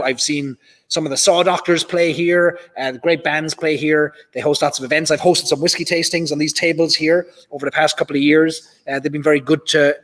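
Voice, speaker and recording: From a big club function hall with a reverberant sound, a man with an Irish accent hosts a casual live whiskey stream. He chats, reads out viewer comments, and uses lots of fillers, his voice on the high side and a bit bright.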